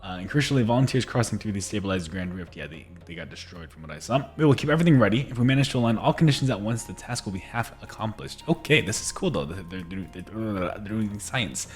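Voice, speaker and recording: A man's voice: lowish voice, lively intonation, quick pace, few pauses. A man giving casual, chatty commentary while playing a game, reading in-game notes aloud and often laughing. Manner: chatty, reads in-game texts aloud, frequent laughs and restarts. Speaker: gameplay streamer.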